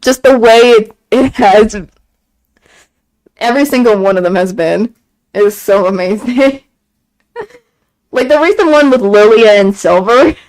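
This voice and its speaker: Woman streamer, casual stream chatter, gushing and repetitive, voice sits a bit high. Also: a little slow, long pauses, low-quality recording. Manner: excited gushing fan talk, frequent laughs and repeated phrases. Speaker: game streamer. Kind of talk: casual chat on a live stream.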